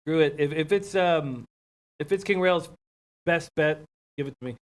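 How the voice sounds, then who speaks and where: A man with a high-pitched voice co-hosts a casual betting chat. He talks through his hockey and basketball bets in an easy, conversational way. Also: moderate pace. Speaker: sports betting show co-host.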